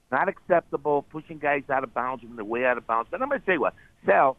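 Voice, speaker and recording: A man's voice: medium pitch, lively intonation, fast, no room sound. A man calling into sports radio, venting and sarcastic. His voice comes through a narrow, phone-like line with a dry sound. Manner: sarcastic, heated complaining. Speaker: caller.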